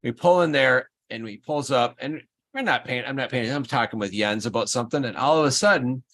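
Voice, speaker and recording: A man hosting a livestream in casual chat, telling an animated, rambling story. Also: mid-range voice, fairly quick. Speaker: livestream host.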